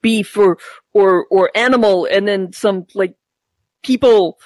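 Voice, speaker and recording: A woman's voice: mid-range voice, takes it slowly, darkish tone, dry recording. A woman playing a tabletop game, talking casually with lots of stammering restarts.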